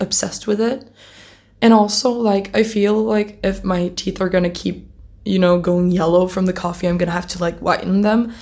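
A woman's voice: mid-range voice, darkish tone. A teenage girl chatting casually to camera as a vlogger, rambling, giggling often and swearing offhandedly. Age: teens.

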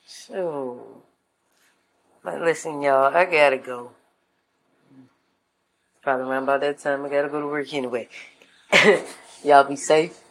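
Husky low-voiced woman, laid-back and slangy. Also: steady tone, a little slow, long pauses, low-quality recording. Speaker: vlogger giving life advice. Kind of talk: casual monologue.

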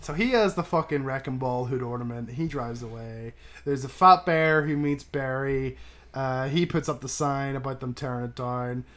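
A man's voice: medium pitch, normal speed, a bit bright. Man with a profane, rambling recap. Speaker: podcast co-host. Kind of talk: casual film-review chat.

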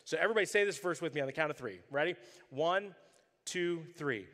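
Animated male pastor, echoing hall. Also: a little high, fairly quick. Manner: animated storytelling, acts out voices. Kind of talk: sermon.

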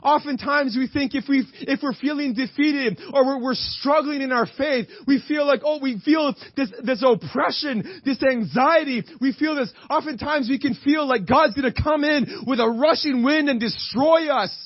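A man's voice: very high voice, moderate pace, hardly any pauses, no echo, dull audio. A man preaching a sermon with fervent, repetitive emphasis, often calling out to the congregation for an "Amen.".

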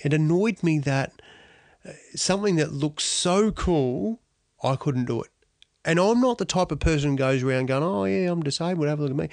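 Middle-aged Australian athlete, blunt and salty, telling stories in a dry, close recording. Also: male voice, a little high, a little mellow, no room sound. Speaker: interviewee, athlete. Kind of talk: storytelling interview answer.

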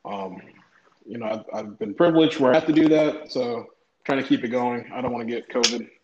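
A man's voice: medium pitch, fairly quick, darkish tone. A man hosting his first casual podcast, talking in a laid-back, rambling way with lots of fillers. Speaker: podcast host. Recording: dull, roomy home recording with faint hiss.

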